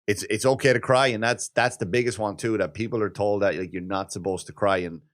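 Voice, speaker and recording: A man in his thirties co-hosting a casual podcast chat, telling lively stories, acting out quoted voices and laughing often. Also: lowish voice, a little fast. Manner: animated storyteller, acts out quoted voices, swears and laughs often. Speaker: podcast co-host.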